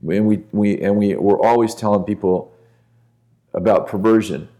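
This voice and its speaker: Deep-voiced man telling an earnest story. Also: steady tone, normal speed, warm tone. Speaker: guest minister. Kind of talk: storytelling in a podcast interview.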